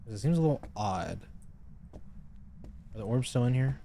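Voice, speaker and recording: A man's voice: mid-range voice, lively intonation, unhurried, vocal fry, dark tone, slight background noise. A man streaming a game live, chatting casually, calling out to the ghost and grumbling about game updates. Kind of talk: casual live gameplay commentary.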